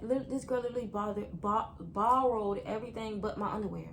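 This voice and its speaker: A young woman vlogger telling a story to her viewers in a chatty, animated way. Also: mid-range voice, brisk, a little hiss or hum. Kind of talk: story time vlog.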